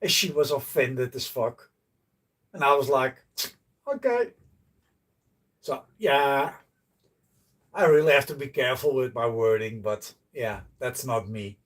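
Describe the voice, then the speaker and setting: Blunt, slow-talking man livestreaming. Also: mid-range voice, fairly bright tone, far from the mic. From Netherlands. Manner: blunt, joking, swears freely. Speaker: livestreaming host. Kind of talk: casual livestream chat with viewers. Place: outdoors by a canal.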